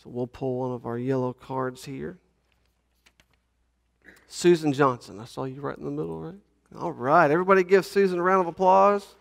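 A man's voice: a little high, steady tone, normal speed, vocal fry, long pauses. A male pastor, preaching and reading scripture in a folksy, joking way. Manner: folksy, says y'all, jokes with the congregation.

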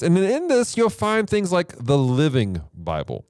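A man's voice: medium pitch, wildly swooping pitch, unhurried, few pauses, darkish tone, no echo, studio quality. A man hosting a Bible teaching show, explaining translations in a casual, emphatic way with rhetorical questions.

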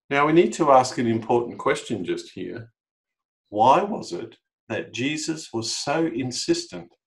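A middle-aged Australian man preaching a sermon as a pastor, telling the story with animated emphasis and lifting his voice for quoted lines. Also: medium pitch, rough recording.

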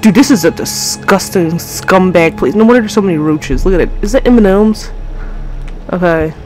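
A woman's voice: fairly low pitch, moderate pace, a little mellow, faint music behind. Frustrated swearing young woman gaming. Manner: frustrated, swears a lot, talks to viewers. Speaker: gamer. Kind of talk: horror game let's play commentary.

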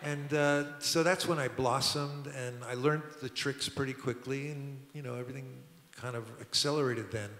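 A man's voice: mid-range voice, fairly even intonation, normal speed, few pauses, a bit bright. An older man, telling rambling studio anecdotes at a public talk, with restarts and chuckles. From Brooklyn, New York. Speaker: record producer guest. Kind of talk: storytelling on a public talk stage. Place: museum auditorium. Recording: roomy hall with long reverb.

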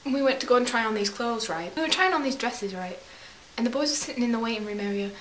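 A young woman tells a rambling story to her camera in a put-on English accent. Her voice sits a little high, and the room gives it a clear echo. A faint hiss runs under everything. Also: animated, fast talker, a bit bright. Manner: chatty, acts out quotes in silly voices. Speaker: vlogger.

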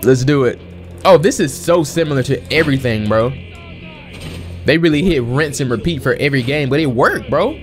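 Excitable man doing slangy game commentary. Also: medium pitch, moderate pace. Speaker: gaming channel host. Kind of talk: let's play commentary. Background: game music and sound effects.

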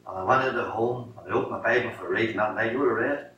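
A middle-aged Northern Irish man tells his testimony from the pulpit, bright and forceful in tone, acting out each exchange as he goes. He sounds set back from the mic, his voice ringing through a very echoey church with a faint hiss underneath. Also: fairly low pitch, fast, distant mic, muffled recording. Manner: animated storyteller acting out dialogue. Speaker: lay preacher giving testimony. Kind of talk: sermon testimony. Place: church sanctuary.

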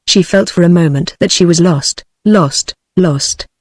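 A computer-generated woman's voice with a British English accent, reading a novel aloud at an even, synthetic pace. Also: on the low side, measured pace, breathy edge, dry recording. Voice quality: synthetic, evenly paced. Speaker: audiobook narrator. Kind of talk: text-to-speech audiobook reading.

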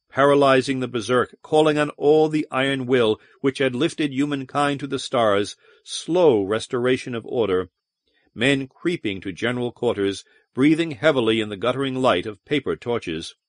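A man reading a science-fiction audiobook with dramatic flair, his pitch rising and falling widely. The sound is dry and close. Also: normal speed, dry recording. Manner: expressive, dramatic storytelling. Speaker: audiobook narrator. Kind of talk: scripted narration.

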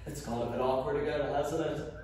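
A man's voice: a little high, fairly even intonation, darkish tone, close to an everyday voice. A man with an Irish accent playing a tactless, rambling Irish man in a scripted comedy sketch. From Ireland. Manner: rambling, apologetic, quick to laugh. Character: chatty, tactless Irish man, laughs at own jokes. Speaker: character in a comedy audio sketch. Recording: echoey room, distant mic, faint noise.

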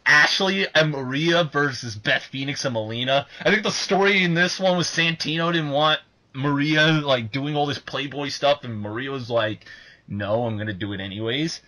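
Bright-voiced excitable man, podcast co-host. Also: a little high, moderate pace. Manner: excitable, swears a lot, shouts when worked up. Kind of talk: casual podcast chat.

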